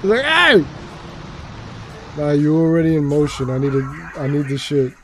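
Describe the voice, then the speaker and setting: A man streaming a video game, commenting casually with excitable swearing and jokey outbursts. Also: on the high side, a little fast, a little hiss or hum. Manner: excitable, profane, jokey, bursts into silly singing.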